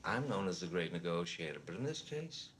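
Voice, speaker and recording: A brash, self-praising tycoon with a New York accent. His lowish voice swings up and down as he bosses people around and makes crude asides. Faint room noise sits under the voice. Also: very animated, a little fast, fairly bright tone. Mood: bragging. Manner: boastful, bossy, crude asides.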